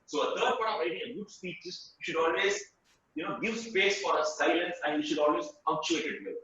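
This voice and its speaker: A man's voice: fairly high pitch, a little fast, pushed and bright, a little hiss or hum. A man giving an emphatic webinar talk over a video call, repeating phrases for stress. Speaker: webinar guest speaker. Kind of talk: motivational talk. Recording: echoey, distant, dull webinar audio.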